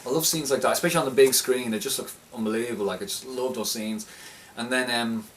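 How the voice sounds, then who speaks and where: A man's voice: medium pitch, fast. A young man casually recapping a film he liked, rambling and often restarting his sentences with enthusiasm. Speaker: film reviewer. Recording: slightly distant mic, faint background noise.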